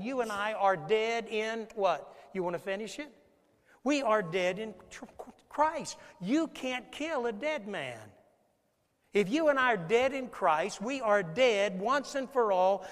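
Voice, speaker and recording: A man's voice: high voice, a bit bright. A man preaching a sermon, telling stories and asking his listeners questions as he goes. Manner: storytelling preacher, acts out scenes and asks the congregation questions. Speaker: pastor. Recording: long hall reverb.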